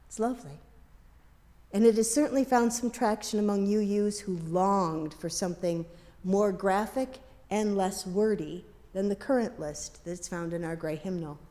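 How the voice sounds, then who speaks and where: A woman minister giving a sermon in a conversational way, with light asides and gentle humor. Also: medium pitch, steady tone, normal speed. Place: congregation's worship hall. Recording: long reverb of a large hall.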